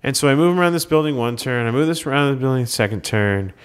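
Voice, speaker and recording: This Minnesota man, co-hosting a podcast, has a smooth, medium-pitched voice and a quick pace. In casual chat he tells stories animatedly, acting out the dialogue he quotes.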